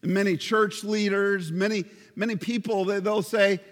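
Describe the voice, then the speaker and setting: Male pastor, high voice, emphatic sermon delivery, long hall reverb. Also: steady tone. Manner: emphatic, with slow stressed phrases.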